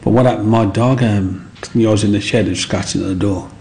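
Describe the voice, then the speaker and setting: A man's voice: lowish voice, fairly even intonation, a little fast, a little mellow, a little hiss or hum, low-quality recording. A man, earnestly recalling his childhood in a rambling, heartfelt way. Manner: rambling, earnest, with frequent asides. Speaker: interviewee. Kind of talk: reflective storytelling.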